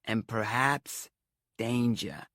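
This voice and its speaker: Man doing a dramatic middle-aged fortune-teller woman, raised pitch, mock old-world accent, gravelly edge, dry sound. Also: big pitch swings, normal speed, no echo. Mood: portentous.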